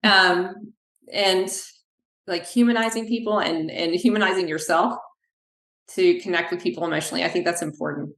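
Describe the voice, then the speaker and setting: Low-voiced woman, echoey room. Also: moderate pace. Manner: animated, acts out quoted dialogue. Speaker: physical therapist, clinic owner. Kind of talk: podcast interview, conversational storytelling.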